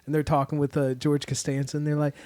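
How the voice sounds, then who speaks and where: A man's voice: on the high side, monotone, quick pace, a little mellow, dry recording. Male podcast co-host, dry close sound, riffs on jokes and quotes TV lines. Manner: riffing, quoting TV scenes in character. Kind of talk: casual chat among friends.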